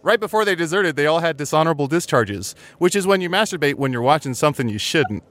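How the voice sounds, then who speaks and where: A man's voice: fairly high pitch, expressive, quick pace, a bit bright. Wry young-sounding man quipping. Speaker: improv player as the son. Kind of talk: improvised comedy sketch.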